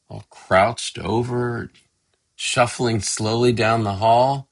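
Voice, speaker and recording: A middle-aged man narrating a gentle, affectionate family story as a tribute to his father. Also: mid-range voice, steady tone, slow, gravelly. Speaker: son telling a family story.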